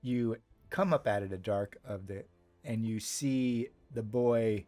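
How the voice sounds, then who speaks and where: A man's voice: fairly low pitch, a little mellow, dry recording. A man as game master, narrating a tabletop role-playing scene in a meandering, descriptive way with many fillers.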